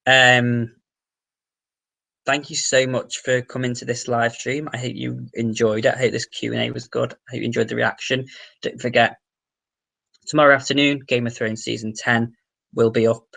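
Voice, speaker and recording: A man's voice: medium pitch, little pitch movement, normal speed, creaky, pushed and bright. A man from the Wirral with a Merseyside accent, hosting a casual livestream Q&A, reading out viewer comments and answering them, swearing now and then. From the Wirral, England. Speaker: livestream host.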